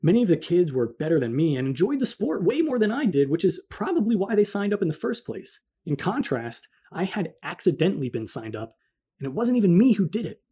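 Earnest, husky-voiced male memoir narrator. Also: sits high, big pitch swings, fairly quick, mellow. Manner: earnest, reflective storytelling with rhetorical questions. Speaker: narrator of a personal faith story.

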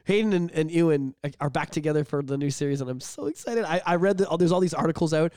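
A man co-hosting a casual podcast, excitable, swearing freely and acting out quotes with big swings in his voice. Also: on the high side, quick pace, no echo, clean studio sound. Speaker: podcast co-host.

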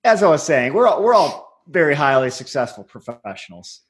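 Male podcast host, husky and sarcastic, lively pitch. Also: normal speed. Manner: sarcastic, profane, steers the talk. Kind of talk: casual chat.

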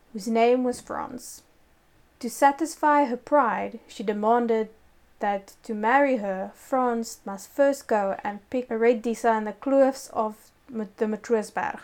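A woman's voice: on the high side, slow, a little mellow. A woman telling a local ghost story in casual chat, breaking off to explain words. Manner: reads a story with laughing asides.

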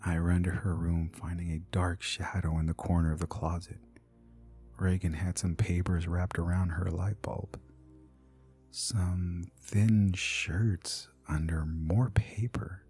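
A man narrating a scripted horror story in a hushed, half-whispered delivery. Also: low voice, little pitch movement, slow, husky, faint music behind.

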